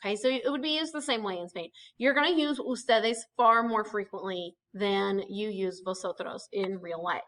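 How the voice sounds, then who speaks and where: Bright-voiced woman teaching a recorded lesson. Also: mid-range voice, moderate pace, few pauses, slight background noise, low-quality recording. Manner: explains step by step with frequent "okay" and "um". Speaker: Spanish teacher.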